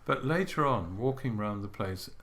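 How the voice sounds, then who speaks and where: Older man musing, low voice. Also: expressive, slight background noise. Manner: musing, halting, with restarts and gentle humour. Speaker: podcast co-host. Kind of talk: reflective casual chat.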